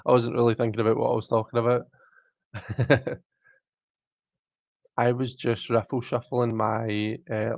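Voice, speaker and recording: A man's voice: medium pitch, level tone, unhurried, gravelly, long pauses, no echo, highs cut off. A man with a British accent hosting a live stream, casually reading viewer comments aloud and chatting back in a self-mocking way. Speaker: livestream host.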